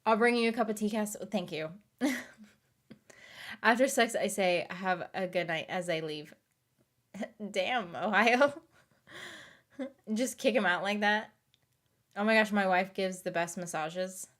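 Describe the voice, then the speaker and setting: A woman in her thirties hosts a loose late-night stream chat, reading and answering her viewers as she goes. She laughs often, rambles, and lets her sentences trail off. She sounds tired, and her voice sits at an ordinary middle pitch. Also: measured pace, pauses often. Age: 30s.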